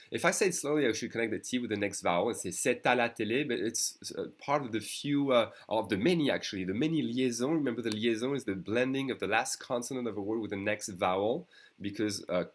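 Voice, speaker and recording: A man with a French accent, a native French speaker teaching a beginner language class online, explaining patiently and often checking in with "okay" and "d'accord". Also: fairly low pitch.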